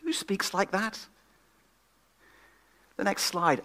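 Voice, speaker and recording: A man preaching a sermon at a church gathering, swinging from loud emphatic questions to hushed, whispered lines. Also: sits high, very animated, takes it slowly, pauses often. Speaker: guest preacher.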